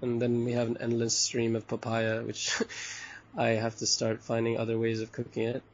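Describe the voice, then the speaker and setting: A relaxed man from Bali chats loosely as an interview guest, his voice gravelly and a little husky, chuckling between thoughts. The recording sounds dull and lo-fi. He wanders through his sentences with plenty of fillers. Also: medium pitch, moderate pace. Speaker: hostel owner and interview guest. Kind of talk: casual chat interview.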